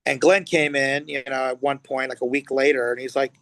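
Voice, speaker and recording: Talking a little fast in a mid-range voice, a middle-aged guest musician from Los Angeles, USA, shares stories in a casual interview. He acts out the quotes and swears freely, an animated storyteller, and the recording is dry.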